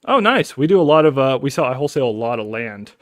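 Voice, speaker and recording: A man, running a casual live stream from his home office and chatting excitedly with viewers. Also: medium pitch, quick pace, no room sound, clean studio sound. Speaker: wholesaler hosting a live stream. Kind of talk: casual live-stream chat and phone call.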